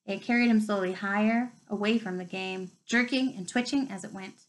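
A woman's voice: mid-range voice, steady tone, moderate pace, rough recording. A woman reading a novel aloud, telling it expressively and rising with the action. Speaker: reader.

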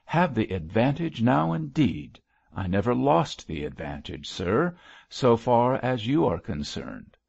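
A man's voice: lowish voice, lively intonation, a little slow, gravelly, darkish tone, dry recording, exaggerated voice. A man reading a stern reproachful old bishop. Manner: solemn, reproachful. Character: elderly male bishop, mild but stern. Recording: dull lo-fi dry recording.

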